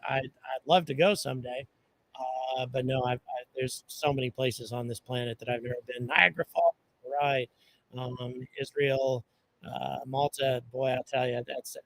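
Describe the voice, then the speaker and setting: Male live stream host, mid pitch, relaxed and chatty, loose delivery full of ums, outdoor setting. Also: creaky, slight background noise, poor audio. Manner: relaxed, chatty, many fillers, greets viewers by place. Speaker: livestream host. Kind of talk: casual live stream chat. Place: outdoors at a launch site.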